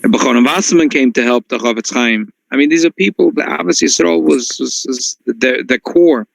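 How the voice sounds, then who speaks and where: A man who is a rabbi, telling a story in a class. He talks in an animated way, often restarting his sentences and slipping in Yiddish and Hebrew phrases. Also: mid-range voice, a little fast, vocal fry, no room sound, low-quality recording.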